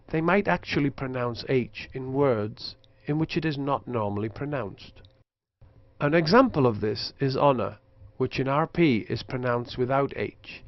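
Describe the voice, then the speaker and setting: A man narrating a linguistics lesson in a measured, scripted way, slowing down to demonstrate pronunciations. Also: mid-range voice, no echo, muffled recording. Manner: slow careful demonstrations of pronunciation. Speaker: lecturer.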